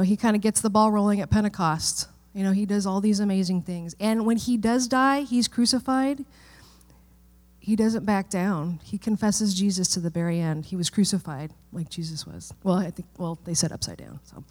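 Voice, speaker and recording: A woman's voice: mid-range voice, normal speed, darkish tone. A middle-aged woman pastor preaching a sermon in a church, in a conversational way that often checks in with the listeners.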